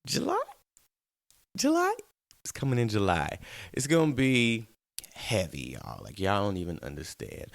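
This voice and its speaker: A man's voice: sits low, gravelly, no room sound. A man hosting his own web show alone, talking straight to viewers in a playful, rambling way. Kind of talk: casual solo talk-show monologue.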